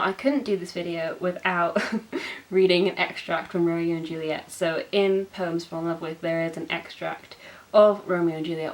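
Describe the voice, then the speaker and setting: A young woman hosting a book channel, reading poems aloud in an expressive, self-mocking way. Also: lowish voice, vocal fry, poor audio. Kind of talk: poetry reading.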